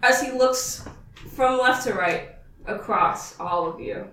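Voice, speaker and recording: A woman's voice: fairly high pitch, takes it slowly, bright, forceful tone. A woman narrating a tabletop game as game master, chatty and rambling. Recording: roomy distant mic, faint noise.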